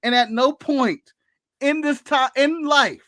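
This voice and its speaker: A man's voice: very high-pitched, slow pace, pushed and bright, no echo. A man from the United States co-hosting a casual podcast, ranting sarcastically with laughs and swearing. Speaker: podcast co-host.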